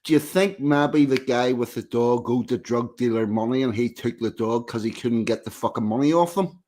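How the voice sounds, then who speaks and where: A man's voice: medium pitch, normal speed, darkish tone. A man hosting a casual conversation, asking probing questions and summing things up. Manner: asks probing questions, sums up. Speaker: host.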